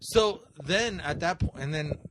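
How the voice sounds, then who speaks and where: A man's voice: on the high side, expressive, unhurried, a bit bright, a little hiss or hum. A man co-hosting a podcast, telling a story in a rambling, profane way full of fillers. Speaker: podcast co-host. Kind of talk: casual chat.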